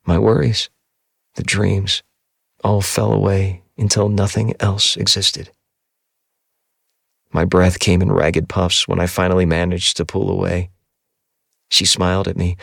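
A man reading a first-person novel aloud in a measured, somber audiobook narration. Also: low voice, vocal fry, no echo, studio quality.

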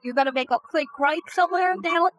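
A woman's voice: high voice, brisk, a bit bright. A woman riding along in a car, arguing back in a teasing way. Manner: teasing, argumentative.

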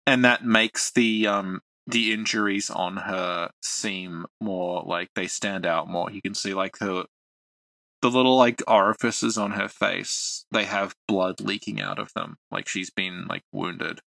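Co-hosting a casual podcast on game lore, this man talks hesitantly, full of fillers and restarts. His low, gravelly voice is steady and unhurried, pushed and bright, with no echo.

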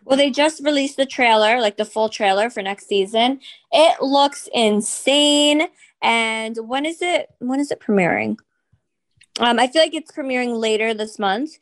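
A woman co-hosting a casual gossip podcast, throwing in quick reactions and chatting about TV shows. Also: a little high. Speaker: podcast co-host.

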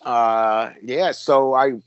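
Middle-aged ex-cop telling stories, rambling and dry. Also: male voice, medium pitch, very slow, smooth, dry recording, lo-fi sound. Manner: rambling, with restarts and self-corrections. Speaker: guest, former police officer. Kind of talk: casual storytelling conversation.

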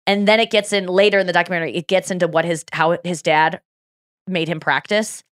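Animated woman podcast host, dry mic. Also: fairly low pitch, brisk, no room sound. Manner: animated storytelling, quoting others in acted voices. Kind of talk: casual chat.

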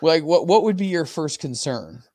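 A man's voice: a little high, lively intonation, normal speed, a little mellow. A man hosting a casual chat, making wry, crude asides. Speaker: host.

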